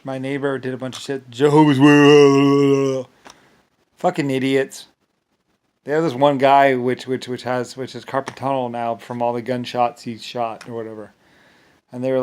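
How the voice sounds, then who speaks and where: A man rants on camera in a long, rambling monologue. His delivery is agitated and profane, and he keeps tripping over repeated restarts. His voice sits at an ordinary middle pitch for a man.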